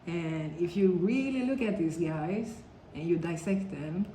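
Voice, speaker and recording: A woman's voice: fairly low pitch, a little slow, dark tone. A woman talking casually to camera in a rambling storytime vlog, peppering her speech with "like" and "you know.". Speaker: vlogger. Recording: roomy echo with faint background noise.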